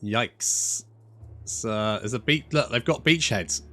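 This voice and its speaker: A man's voice: on the low side, slow, bright, forceful tone. A man giving casual, wry commentary over a strategy game, swearing freely and chatting to his units. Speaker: gaming channel host.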